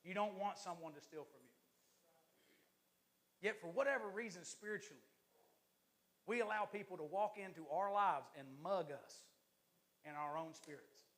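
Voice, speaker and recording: A man, an assistant pastor, preaching a lively, joking sermon to his church congregation. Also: high voice, moderate pace, pauses often.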